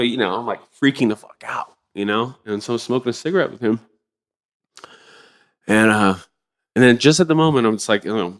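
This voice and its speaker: Middle-aged male guest, low voice, lively rambling storyteller, casual and profane. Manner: rambling, animated, swears freely. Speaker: podcast guest, drummer.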